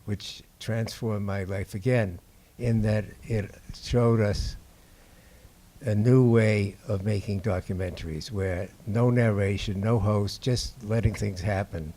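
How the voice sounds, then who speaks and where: An older man from Boston, a documentary filmmaker telling stories to an audience in a halting, unhurried way. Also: lowish voice, steady tone, mellow. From Boston, USA. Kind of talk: anecdotal talk to an audience. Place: indoor screening before an audience.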